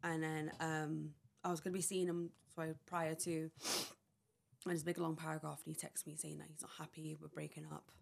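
A woman's voice: deep voice, flat delivery, brisk, creaky. A young woman on a podcast, telling a personal story in a rambling way, full of "like" and acted-out quotes. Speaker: podcast guest.

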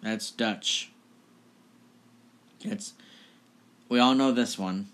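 Slow, chatty young host. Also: male voice, mid-range voice, a bit bright. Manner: chatty and offhand, laughing at the results. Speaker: video host. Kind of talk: casual vlog presenting.

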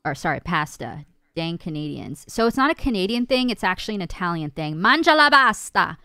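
A woman's voice: lowish voice, animated, brisk, fairly bright tone, clean tone, dry recording, studio quality. A woman co-hosting a live stream, chatting casually, reading out viewer comments and laughing easily. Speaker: stream co-host.

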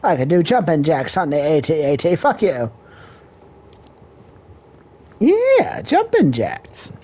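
A gamer in casual gameplay commentary, loud and profane, joking and bantering. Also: medium pitch, lively intonation, a little fast, faint music behind.

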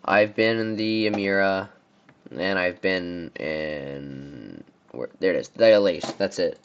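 Slow and low-pitched, a young man from the United States gives rambling, casual commentary on a car brand tier list and frequently trips over names. The audio is dull, with a little hiss or hum.

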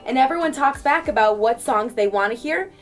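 A woman's voice: a little high, lively intonation, fairly quick, soft background music. A young woman who co-hosts a radio morning show, explaining her work in a friendly, plain way inside a studio. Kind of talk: casual explaining chat.

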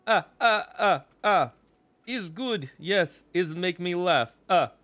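A man putting on a high, cackling character who speaks broken English and is easily amused. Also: expressive, takes it slowly, sharp tone, dry recording, exaggerated voice.

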